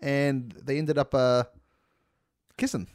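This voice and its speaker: A man's voice: mid-range voice, fairly even intonation, slow, a little mellow, no echo. A man co-hosting a comedy podcast, with dry, wry asides that often trail off. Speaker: podcast co-host. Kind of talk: casual comedic chat.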